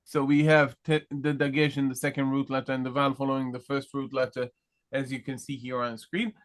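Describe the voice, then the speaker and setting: A man's voice: mid-range voice, flat delivery. A man teaching a Hebrew grammar class to students, explaining patiently, checking in with "okay?" and asking the class questions. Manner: slow deliberate pace with many pauses and restarts.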